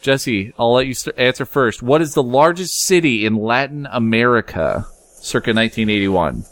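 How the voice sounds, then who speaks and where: Animated, joking male podcast host. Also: medium pitch, moderate pace, dry recording. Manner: jokey, rambling, quizmaster. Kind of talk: casual chat.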